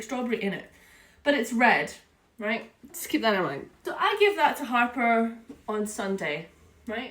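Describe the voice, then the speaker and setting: A young woman telling a story in a casual vlog, chatty and animated, with lots of "like" and "right?". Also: on the high side. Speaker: vlogger. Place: room at home. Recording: echoey room, a bit far from the mic.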